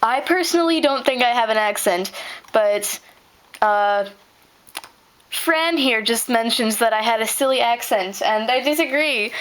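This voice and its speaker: A woman's voice: on the high side, fairly bright tone. A teenage girl from Arkansas answering a voice meme questionnaire, chatty and giggly. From Arkansas, USA. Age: teens. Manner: chatty and giggly, reads aloud with stumbles. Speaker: vlogger.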